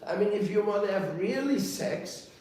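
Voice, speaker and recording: Animated man preaching in an echoey room. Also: high voice, moderate pace. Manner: playful, animated storytelling with mock voices and laughter. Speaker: spiritual teacher. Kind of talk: sermon. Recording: roomy echo, heard from a distance.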